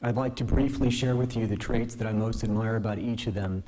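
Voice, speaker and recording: Earnest man giving a measured formal speech. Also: lowish voice, steady tone, a little hiss or hum, low-quality recording. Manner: measured, earnest, gently self-deprecating. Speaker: newly appointed state supreme court justice. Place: courtroom at a public ceremony.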